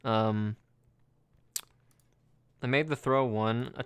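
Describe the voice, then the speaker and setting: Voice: medium pitch, fairly even intonation, drawn-out words, clear, resonant tone. A streamer chatting casually through a live game stream, joking and swearing offhand.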